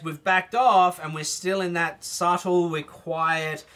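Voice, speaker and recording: A man's voice: high-pitched, steady tone, slow, music in the background. A man teaching a trumpet masterclass, explaining phrasing and singing short bits to demonstrate.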